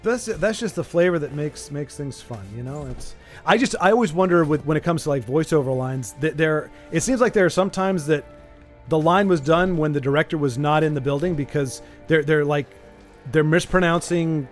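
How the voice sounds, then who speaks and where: Casual streamer man, fairly high voice, rambling chat over quiet music. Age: adult with a young child. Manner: rambling, animated, does quick silly voices. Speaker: streamer hosting an interview.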